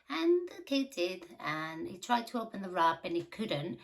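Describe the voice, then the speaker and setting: Chatty woman telling a story with vocal fry. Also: fairly low pitch, big pitch swings, moderate pace, rough recording. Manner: chatty, with giggly asides. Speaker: true crime storyteller. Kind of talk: casual storytelling narration.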